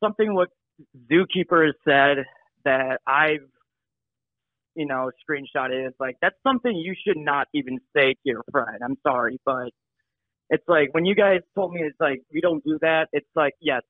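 A man calls in over a thin, phone-like line, his voice pitched a little high. He talks haltingly, stopping and restarting, and owns up with apologies. The sound stays very dry. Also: animated, no room sound. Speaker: show regular. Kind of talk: casual chat. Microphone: phone call.

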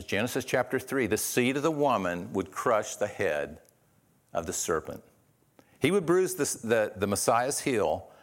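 Earnest male pastor preaching a sermon. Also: mid-range voice. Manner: earnest, with frequent restarts and rhetorical questions.

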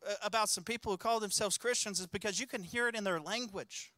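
A man with a high, bright and forceful voice delivers a sermon as a pastor. He tells stories casually with many restarts and pushes toward urgent exhortation. The sound is dry and close. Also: quick pace, few pauses, dry recording. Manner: conversational storytelling with many restarts.

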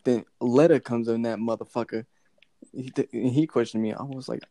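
A man's voice: medium pitch, fairly even intonation, normal speed, dark tone, no echo. A teenage man rambling through a story in casual podcast chat, swearing constantly and laughing often. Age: teens. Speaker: podcast co-host.

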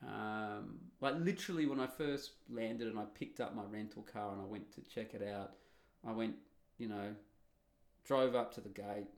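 A man's voice: on the low side, normal speed, vocal fry. An Australian man with an Australian accent, giving a blunt, rambling solo monologue full of fillers and restarts. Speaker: vlogger.

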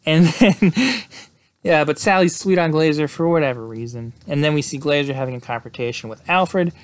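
A man casually retelling a film's plot in a loose, rambling way, full of fillers and quick laughs. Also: a little high, no room sound. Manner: rambling, lots of "like" and "uh", laughs often. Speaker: podcast host recapping a film. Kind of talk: casual movie recap.

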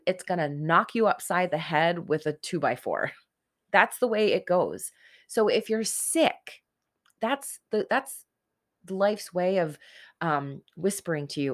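A woman's voice: lowish voice, sing-song, measured pace. Earnest self-help woman in her forties. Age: 40s. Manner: earnest, conversational, addresses listeners directly. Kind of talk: motivational self-help talk.

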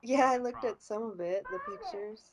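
A woman talking in a low-key, offhand way in casual chat while watching a film. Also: normal speed, a crowd in the background. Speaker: movie riffer.

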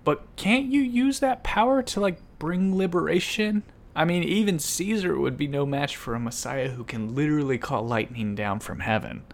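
A man's voice: medium pitch, lively intonation, normal speed, a bit bright. A man voicing an exasperated, blunt male disciple who rambles and questions his teacher hesitantly. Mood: skeptical.

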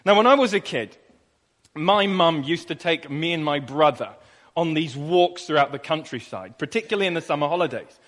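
High-voiced preacher in a reverberant church. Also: male voice, lively intonation, normal speed, a bit bright. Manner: conversational, repeats phrases for emphasis, asks rhetorical questions. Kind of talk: sermon. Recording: long reverb of a church hall.

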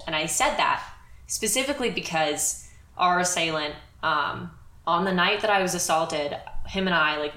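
A woman's voice: on the low side, moderate pace, sharp tone. A young woman co-hosting a podcast, telling a personal story in a candid, chatty way with plenty of "like". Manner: candid, chatty, filler-heavy. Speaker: podcast co-host. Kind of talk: casual storytelling chat. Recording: roomy echo.

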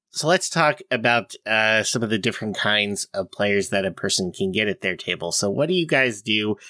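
A male host leading a casual podcast chat, upbeat and moving the talk along. His voice sits low but sounds bright and forceful, recorded dry with no room sound. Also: dry recording.

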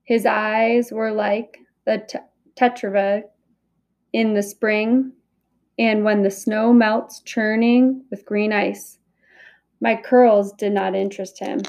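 Slow-reading woman narrating a storybook. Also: medium pitch, level tone, vocal fry, a little mellow. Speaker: audiobook reader. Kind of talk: first-person storybook narration.

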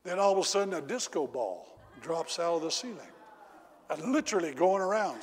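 A middle-aged male preacher telling a story in a sermon, swinging from loud exclamations down to low confiding tones. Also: expressive, brisk. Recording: echoey hall reverb.

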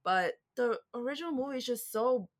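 A woman's voice: fairly high pitch, fairly quick. A woman guesting on a podcast in casual chat, blunt and frank about her opinions.

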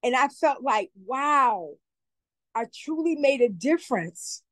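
Woman, high voice, earnest, emotional, repetitive, dry studio sound. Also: animated, slow pace, a bit bright, no echo, rough recording. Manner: earnest, heartfelt, repeats herself. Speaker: community advocate guest. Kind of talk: emotional testimony in an interview.

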